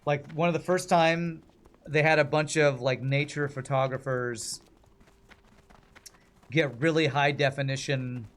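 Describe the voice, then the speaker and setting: A man's voice: fairly high pitch, steady tone, unhurried, pauses often, fairly bright tone. A male streamer chatting casually while he plays, in a jokey, self-deprecating way. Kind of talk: casual chat while playing a game.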